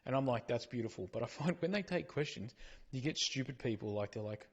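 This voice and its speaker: A man's voice: medium pitch, lively intonation, fairly quick, slightly rough. A middle-aged man, co-hosting a casual podcast and ranting in a blunt, sweary way. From Australia. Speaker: podcast co-host. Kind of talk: casual chat.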